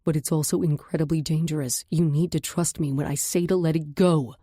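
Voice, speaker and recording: A woman's voice: sits low, steady tone, fairly quick, warm tone, dry recording, studio quality. A woman narrator voicing a guarded, protective man who speaks in clipped, firm words in an audiobook. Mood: stern. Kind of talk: audiobook character voice.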